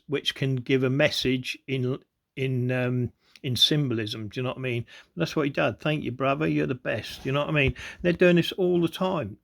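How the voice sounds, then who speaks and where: Gravelly man rambling over video clips. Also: mid-range voice, fairly bright tone. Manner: repetitive, keeps saying "look" and "you know what I mean". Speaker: conspiracy video host.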